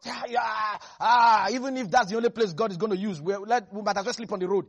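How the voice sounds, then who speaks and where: A preacher delivering an animated, humorous sermon to a congregation. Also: mid-range voice, rapid-fire, hardly any pauses, breathy edge. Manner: animated, jokes and laughs with the congregation.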